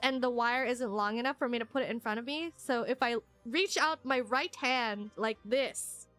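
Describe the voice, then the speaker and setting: A woman streamer chatting casually and reading comments, giggly and rambling with quick emotional swings, at a desk mic at home. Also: on the high side, a bit bright, faint music behind.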